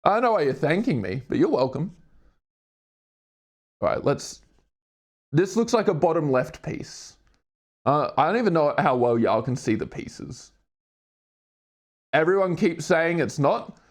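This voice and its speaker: A young man with a slightly high, very lively voice chats casually with viewers while working on a puzzle. He swears constantly, laughs a lot, and keeps slipping into silly voices. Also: unhurried, pauses often. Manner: profane, goofy, laughs often. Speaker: livestreamer. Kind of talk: casual livestream chat while doing a puzzle.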